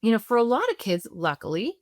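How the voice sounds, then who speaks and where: A woman's voice: on the high side, big pitch swings, fast, dry recording, clean studio sound. A woman, a parenting expert guest on a podcast, explaining her method through worked-through scenarios and often checking in with "right?". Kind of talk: podcast interview.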